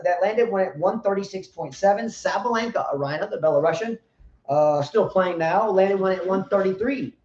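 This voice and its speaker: A man's voice: sits high, normal speed, a little mellow. A man co-hosting a live tennis chat show, talking loosely and with plenty of profanity, hyping up the chat. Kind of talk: casual live-stream chat. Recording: roomy, dull lo-fi live-stream audio.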